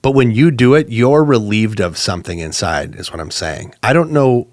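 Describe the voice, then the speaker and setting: A man co-hosting a podcast, telling a personal story in a casual, animated way with lots of fillers. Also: normal speed, no echo, clean studio sound. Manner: animated, acts out quoted exchanges with jumps in pitch; conversational, with many fillers and restarts. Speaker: podcast co-host.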